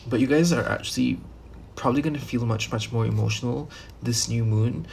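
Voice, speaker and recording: A man's voice: medium pitch, a little fast, vocal fry, darkish tone, slight background noise. A man giving a casual tarot reading, rambling loosely with many fillers and restarts and the odd swear word. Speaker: tarot reader.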